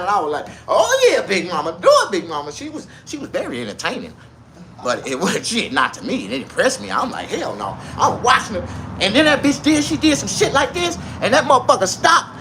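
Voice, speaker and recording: A man's voice: high voice, background noise. A man in his forties telling a crude, rambling comic story who often laughs at his own punchlines. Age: 40s.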